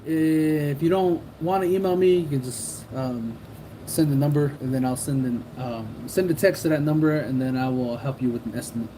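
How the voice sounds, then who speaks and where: A man's voice: a little high, steady tone, moderate pace, dark tone, a little hiss or hum, low-quality recording. A man hosting a casual livestream who rambles, jokes and laughs often while reading comments. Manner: rambling, joking, laughs often, mimics people. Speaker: livestream host.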